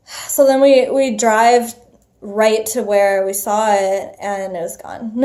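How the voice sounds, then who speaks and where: A young woman vlogger telling a personal story casually, animated, full of fillers and swearing. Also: mid-range voice.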